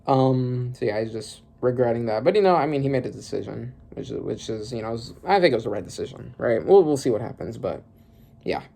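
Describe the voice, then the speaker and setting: A man with a gravelly, fry-laden voice talks through a comic chapter in a loose, rambling way. He stops, restarts and corrects himself as he goes, sitting at a middling pitch. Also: expressive, a little fast, dark tone. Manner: rambling, thinking aloud with many fillers and restarts. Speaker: manga reaction youtuber. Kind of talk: casual reaction commentary.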